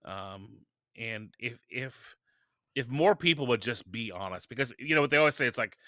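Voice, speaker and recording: A man's voice: medium pitch, normal speed, no room sound, clean studio sound. A man guest on a podcast, talking casually and telling stories with energy, often restarting his sentences. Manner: energetic storytelling with frequent restarts. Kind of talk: casual interview talk.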